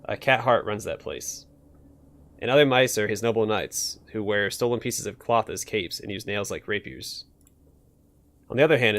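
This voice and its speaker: A man's voice: lowish voice, fairly bright tone. Man voicing a jittery clerk with outbursts. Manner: stammering, apologetic. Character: nervous male clerk with verbal tics.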